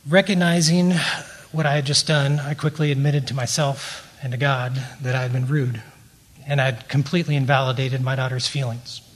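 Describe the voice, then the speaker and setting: A middle-aged man giving a prepared teaching talk at a faith-based recovery meeting, in a measured and earnest way. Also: medium pitch, a bit bright.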